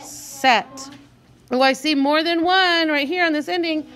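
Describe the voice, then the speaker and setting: A woman with a high, bright voice teaches young children to read. She is animated and encouraging, slowing down to sound out each tricky word and prompting her class to read along. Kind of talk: guided reading lesson for young children.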